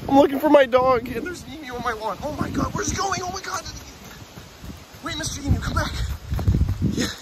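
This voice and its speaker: A high-voiced man, winded from running, narrates his own outdoor vlog in bursts of excited chatter. The audio is rough phone-camera sound in an open field, with wind and outdoor noise clearly audible behind him. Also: a little fast. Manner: excited, breathless, repeating himself while chasing an animal. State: out of breath. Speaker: vlogger.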